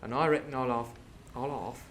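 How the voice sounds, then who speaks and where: A man voicing a wounded, sly old male pirate with an attempted Cockney accent, low and mumbling. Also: moderate pace, fairly bright tone, a little hiss or hum, natural voice.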